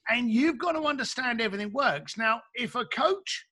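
A man's voice: very high voice, normal speed, few pauses. A man, a coach, talking casually and emphatically, acting out little dialogues as he makes his points. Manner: animated, emphatic, acts out dialogues. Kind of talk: casual chat.

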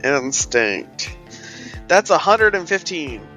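A man with a high voice plays his character at a tabletop game, narrating his actions in the third person. He swears freely and casually. Faint music runs underneath. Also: big pitch swings, takes it slowly, pushed and bright, rough recording. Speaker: player.

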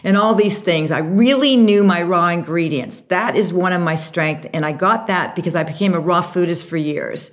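A woman being interviewed about starting her makeup brand, telling the story with lively, acted-out quotes. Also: fairly low pitch, moderate pace, hardly any pauses. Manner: animated storyteller, acts out quotes. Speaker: guest, makeup artist and brand founder.

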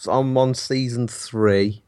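A man from England talks as a guest on a casual podcast. He pauses with ums and pokes fun at himself. His voice sits at a middle pitch and is recorded dry and close. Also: steady tone, a little mellow, dry recording. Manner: self-deprecating, hesitant with ums.

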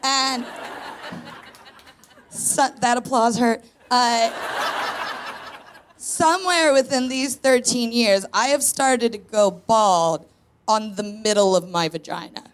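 A woman's voice: on the high side, slow, long pauses, slight background noise. A woman in her thirties doing a frank, self-mocking stand-up comedy set on a live stage. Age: 30s. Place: live stage in a tent before an audience.

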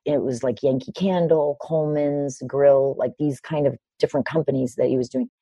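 A woman in her fifties, a personal development teacher, telling a story in conversation with animated, emphatic delivery. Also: extremely low pitch, normal speed, breathy edge, dry recording. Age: 50s. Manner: animated, emphatic retelling with raised quoted lines.

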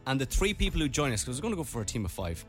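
A man hosting a drive-time radio show, animated and jokey. His pitch is mid and lively in range. Faint music sits underneath. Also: racing. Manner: jokey, animated, laughs often. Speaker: radio host. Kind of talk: casual radio banter.

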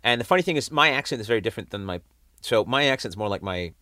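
A man with a British accent from near London, a comedian chatting on a podcast and telling lively stories. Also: medium pitch, quick pace, no echo, studio quality. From England. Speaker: comedian guest. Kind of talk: casual podcast chat.

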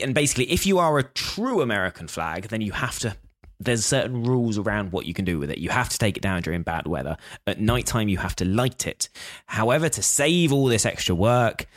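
A man's voice: on the low side, fairly bright tone, no echo. A young man co-hosting a podcast, explaining facts steadily with dry humour. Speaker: podcast co-host. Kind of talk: casual chat.

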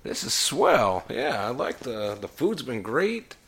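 A man's voice: medium pitch, very animated, slow pace, fairly bright tone, slightly rough. A man playing a tabletop role-playing game, speaking in character in a casual, folksy way with frequent restarts. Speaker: player.

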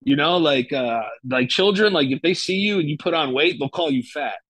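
A man's voice: on the high side, lively intonation, moderate pace, fairly bright tone, no room sound, rough recording. A young man telling a personal story in casual chat, with loose, profane talk full of fillers and restarts. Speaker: guest.

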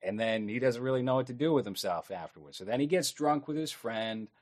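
A man's voice: mid-range voice, animated, fairly quick, a little mellow. A man chatting casually on a podcast, recapping a movie's plot in a rambling, wry way with frequent swearing. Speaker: podcast co-host. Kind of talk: casual chat recapping a film.

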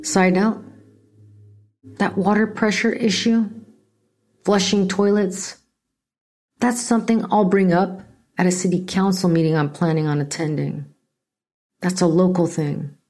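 A woman's voice: lowish voice, steady tone, unhurried, long pauses, darkish tone. Blunt, profane middle-aged woman podcaster. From California. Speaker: podcast host. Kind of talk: casual political commentary.

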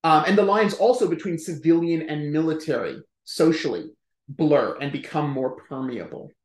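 A man speaking as a historian guest on a podcast, explaining at length in a chatty, emphatic way with quick asides. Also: fairly high pitch, expressive, reverberant. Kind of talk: conversational podcast interview.

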